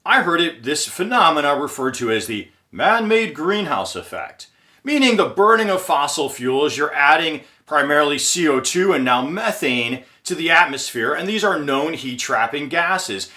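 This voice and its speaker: A man's voice: a little high, big pitch swings, a little slow, sharp tone. A man hosting an explainer commentary, earnest and emphatic, stretching out key phrases. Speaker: channel host.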